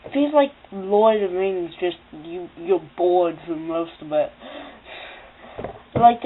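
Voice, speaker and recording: A woman talks through a film review in a loose, upbeat way, restarting sentences and leaning on fillers as she goes. Her voice sits at an ordinary middle pitch for a woman. The sound is thin and narrow, like it's coming through a phone line. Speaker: movie reviewer. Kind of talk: casual spoken film review. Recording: tinny phone-like audio.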